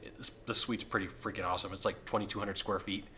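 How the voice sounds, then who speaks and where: A sales consultant talking casually to camera from a hotel suite, upbeat and chatty, his voice a little hoarse from losing it. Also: fairly low pitch, little pitch movement, fast, bright, forceful tone. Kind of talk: casual video talk to camera.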